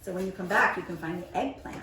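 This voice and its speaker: A young woman teaching preschoolers on video, gently sounding out words slowly and patiently as she plants seeds with a child. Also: fairly low pitch, a little hiss or hum. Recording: very echoey room, mic far off.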